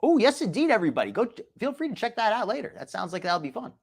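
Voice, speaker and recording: Lively, sarcastic live-stream host man. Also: high voice, rapid-fire, breathy edge. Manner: chatty, reads chat names aloud, frequent restarts and sarcastic asides. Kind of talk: casual live-stream commentary.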